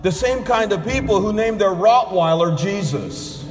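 A sly talking parrot, as a priest puts him on, delivering each line slowly and deadpan. The voice stays fairly high, and it rings in a large reverberant church. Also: male voice, noisy background.

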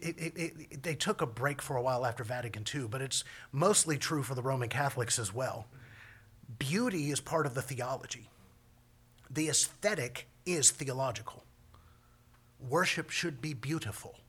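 A man's voice: medium pitch, fairly bright tone, husky. A man preaching a sermon as pastor, talking in a folksy, conversational way with homespun phrases.

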